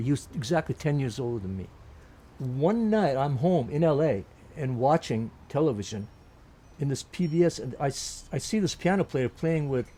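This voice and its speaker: An older man of around eighty, from Turkey, speaks English. He reminisces about life as a jazz pianist in an easy, storytelling way. His voice sits at an ordinary middle pitch, and he often breaks into little impressions of the people he met. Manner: lively anecdotes, quotes people in put-on voices, frequent restarts.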